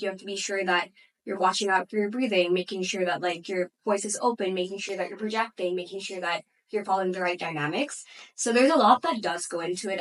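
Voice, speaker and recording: A woman's voice: mid-range voice, a bit bright, far from the mic, rough recording. A young woman, an opera singer and student, answering interview questions in a thoughtful way full of "like" and "you know". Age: young adult.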